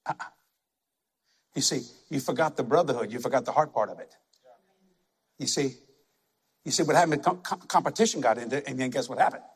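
A man's voice: medium pitch, a little fast, pauses often, breathy edge. A man preaching a sermon, emphatic and conversational, repeating words for effect.

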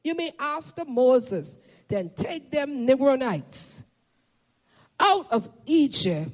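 A woman preaching a fervent sermon to a congregation, shouting at peaks and calling for responses, filmed for a camera. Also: high voice, sing-song, slow. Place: church or meeting hall. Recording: long hall reverb.

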